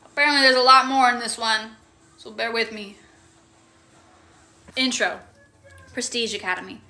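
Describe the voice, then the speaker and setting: A woman's voice: on the high side, fairly even intonation, moderate pace, bright, forceful tone. A woman casually recapping a story on a livestream, playful and loose, swearing and making sound effects. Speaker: streamer recapping game lore.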